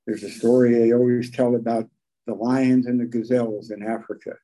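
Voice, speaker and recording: Older man, mellow folksy storyteller. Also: medium pitch, level tone, a little fast, rough recording. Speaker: recovery meeting speaker. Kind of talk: personal recovery talk.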